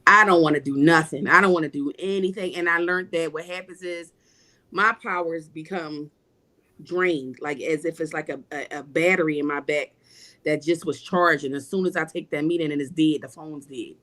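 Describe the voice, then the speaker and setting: A woman's voice: sits low, fairly even intonation, normal speed, bright, forceful tone. Emphatic woman preaching in casual talk. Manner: emphatic, repetitive preaching cadence. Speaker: guest. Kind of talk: casual spiritual talk on a livestream panel.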